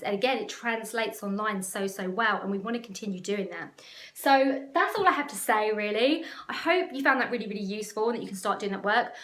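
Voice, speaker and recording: A woman's voice: fairly high pitch, a bit bright, reverberant. A woman business coach talking to camera in an emotional, passionate, rambling way. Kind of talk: casual talk to camera.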